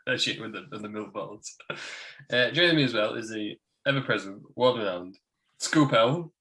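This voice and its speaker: A man hosting a loose, jokey chat show, his voice bright and forward. He laughs easily and ribs his co-hosts as they talk. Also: fairly low pitch, expressive, low-quality recording. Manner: laughs often, quick and teasing. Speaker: podcast host. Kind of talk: casual chat.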